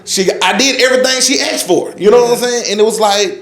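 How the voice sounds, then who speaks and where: A man's voice: high-pitched, a little fast, a bit bright. A man in his forties talking in a loose, rambling way in a casual roundtable chat, often saying "you know what I'm saying". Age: 40s. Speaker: roundtable guest. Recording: echoey room.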